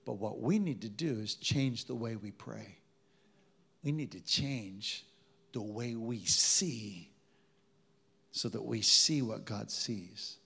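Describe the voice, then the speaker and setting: A man's voice: lowish voice, slow, creaky, pushed and bright, slightly rough. A man preaching a sermon to a live congregation, telling stories in a conversational way and calling on the audience to respond. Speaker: pastor.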